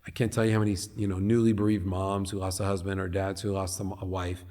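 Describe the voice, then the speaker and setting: A middle-aged man from Long Beach speaks as a podcast guest. His voice sits low, and his manner is earnest and animated. He often slips into acting out what other people might say. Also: fast talker. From Long Beach, California. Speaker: guest, head of a nonprofit. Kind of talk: podcast interview.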